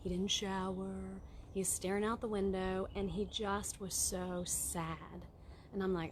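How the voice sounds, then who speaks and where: A woman in her forties chatting casually on a live video, animated and greeting viewers by name as she talks. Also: mid-range voice, a little slow, slight background noise. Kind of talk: casual live-stream talk.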